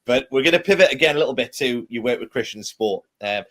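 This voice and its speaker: Friendly podcast host, casual and chatty. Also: male voice, mid-range voice, animated, quick pace, fairly bright tone. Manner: friendly, leans on fillers like "you know". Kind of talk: casual interview chat.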